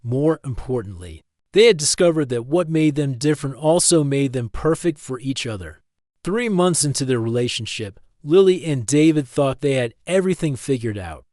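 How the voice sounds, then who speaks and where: A man reading a story aloud as scripted narration, steady and even in delivery. His voice sits at a middle pitch. The sound is dry and close, with no room around it. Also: normal speed, no echo.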